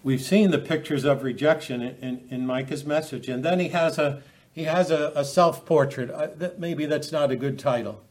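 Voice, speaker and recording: A man's voice: fairly high pitch, normal speed, a little mellow. A man preaching a sermon, often restarting and repeating words as he quotes scripture.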